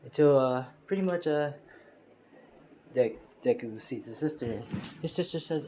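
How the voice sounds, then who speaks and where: A man's voice: medium pitch, moderate pace, mellow, slight background noise, rough recording. A man improvising a fan story aloud, rambling with many fillers and restarts, recorded on a phone. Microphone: phone screen recorder.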